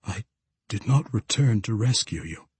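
A brooding barbarian warrior, read by a male narrator, slow and solemn in his formal speech. The low voice has a rough, husky texture. It is recorded dry and close. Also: animated, a little mellow, no room sound, exaggerated voice. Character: towering male barbarian, grave and remorseful.

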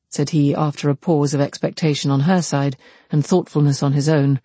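A man narrating a classic novel in an even, measured reading. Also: on the high side, dry recording. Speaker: audiobook narrator.

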